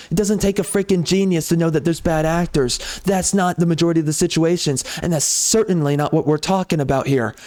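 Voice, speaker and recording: A man's voice: on the high side, darkish tone. A man ranting off the cuff over gameplay, heated and sarcastic, often repeating himself. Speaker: gaming channel host.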